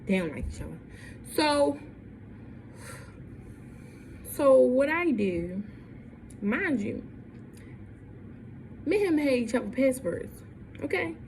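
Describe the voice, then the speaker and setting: Animated young woman telling a storytime. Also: high voice, unhurried, pauses often, a little hiss or hum. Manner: animated, repeats lines, acts out quotes. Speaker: vlogger. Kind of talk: storytime vlog.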